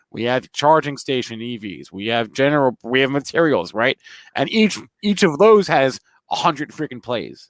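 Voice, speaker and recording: A man with a New Jersey accent co-hosting a market show, rattling off ticker symbols quickly and restarting his words. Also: mid-range voice, no room sound. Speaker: co-host, trader. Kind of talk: fast market talk show chat.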